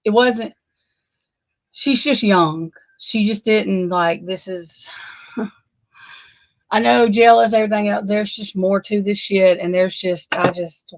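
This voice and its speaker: Woman true crime commentator, unscripted and heated, swears freely and keeps hammering her point, average pitch, dry sound. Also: steady tone, slow, no echo, rough recording. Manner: heated, profane, emphatic and repetitive.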